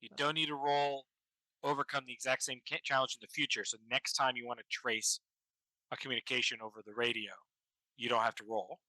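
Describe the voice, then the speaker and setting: Bright-voiced game master narrating, dry close mic. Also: male voice, medium pitch, fairly even intonation, no room sound, poor audio. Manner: halting, full of ums and restarts.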